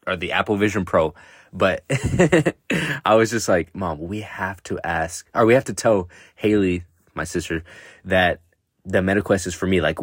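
Young man, deep voice, casual solo podcast chat, rambling and laughing, dry close sound. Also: slightly rough, no room sound. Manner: rambling, laughing, swears freely. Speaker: podcast host.

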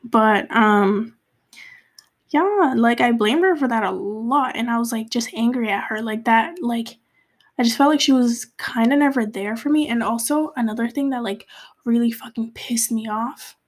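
A woman's voice: a little high, normal speed. A young woman from Cape Verde telling a personal story in a casual, confessional way, full of fillers and restarts, sometimes dropping to a whisper. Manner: rambling, many fillers and restarts, drops to a whisper at times.

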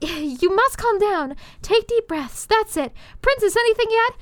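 A woman voicing a bossy female healer who gives brisk orders. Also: very high-pitched, lively intonation, no room sound, pitched above the performer's own voice. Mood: commanding. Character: bossy female village healer, middle-aged.

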